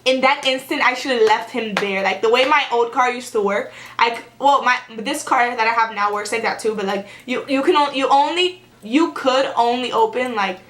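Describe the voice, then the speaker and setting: Young woman, casual storytime, sarcastic, chatty, fairly high voice, echoey room. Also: moderate pace, hardly any pauses, slight background noise. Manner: animated and sarcastic, heavy use of "like". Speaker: vlogger.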